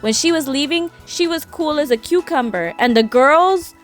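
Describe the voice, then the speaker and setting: A woman streaming a game and chatting casually, gossiping in an animated way with frequent laughter. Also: high-pitched, normal speed, faint music behind. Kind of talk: casual chat while gaming.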